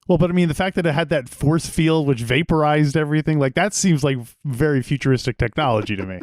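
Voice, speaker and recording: A man of middling pitch in casual comedic podcast chat, posing earnest, deadpan what-ifs. The recording is dry and close. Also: fast, no echo. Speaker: podcast co-host.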